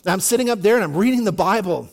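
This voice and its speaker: High-voiced man preaching a casual sermon. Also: expressive, very fast. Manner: casual, repeats words and restarts, says "you know" often. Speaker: pastor. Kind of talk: conversational sermon.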